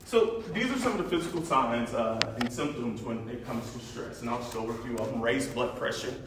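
A man's voice: medium pitch, lively intonation, brisk. A man giving a casual, chatty talk with slides, using plenty of fillers and laughing often. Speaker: presenter. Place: large echoey room. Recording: echoey room from far off, faint noise.

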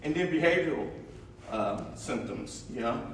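A man's voice: fairly high pitch, lively intonation, normal speed. Chatty man presenting in an echoey hall. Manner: chatty, laughs often, many fillers. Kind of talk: informal talk with slides. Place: large echoey room. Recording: echoey room from far off, faint noise.

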